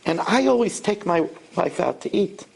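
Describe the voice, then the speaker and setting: A middle-aged rabbi giving a sermon, telling stories and acting out quotes. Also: male voice, high-pitched, moderate pace, vocal fry, slightly rough. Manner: animated storytelling, acts out quotes.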